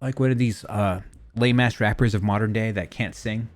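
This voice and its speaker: A man's voice: fairly low pitch, fairly even intonation, normal speed, soft background music. A young man streaming, chatting casually in a rambling, profane, self-mocking way while fiddling with his mixer. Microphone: desk mic through a streaming mixer.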